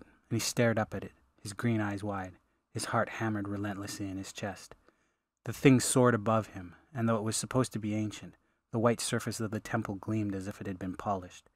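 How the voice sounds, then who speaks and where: A man, the author, reading his fantasy audiobook in steady, measured narration. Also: fairly low pitch, dry recording, clean studio sound. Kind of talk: scripted narration.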